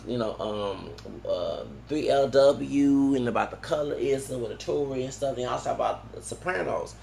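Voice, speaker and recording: A man's voice: mid-range voice, gravelly, roomy sound, slight background noise. A man talking in a long, rambling monologue, full of restarts and tag questions like "okay?". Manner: digressive, many restarts and "okay?" tags. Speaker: vlogger.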